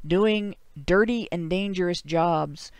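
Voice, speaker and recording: A man's voice: sits high, slow, clear, resonant tone, dry recording, studio quality. Sardonic Northern Ohio man hosting a talk show. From Ohio, USA. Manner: sardonic, chuckling asides. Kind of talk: livestream talk show, reading viewer donations.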